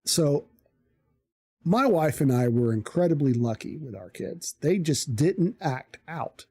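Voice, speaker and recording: Dark-voiced, profane live streamer. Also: medium pitch, unhurried, husky. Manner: profane, animated storyteller. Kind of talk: casual storytelling on a live stream.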